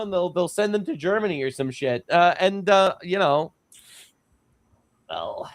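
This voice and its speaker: A man's voice: high voice, very animated, unhurried, pauses often, no room sound. A man hosting a podcast, talking casually in a rambling, sarcastic way with many fillers. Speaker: podcast host.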